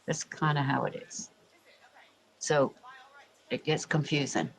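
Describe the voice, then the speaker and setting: A livestream host from England with an English accent softened by years in America, chatting loosely and talking straight to viewers. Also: medium pitch, steady tone, slow pace, gravelly, slight background noise, low-quality recording. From England, Royal Berkshire. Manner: rambling, chatty, addressing viewers directly. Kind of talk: casual livestream chat.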